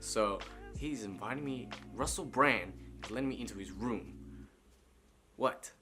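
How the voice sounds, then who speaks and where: A man's voice: mid-range voice, a little slow. A young man casually telling a story as a vlogger, swearing freely and often adding "right?". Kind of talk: storytime monologue. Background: music.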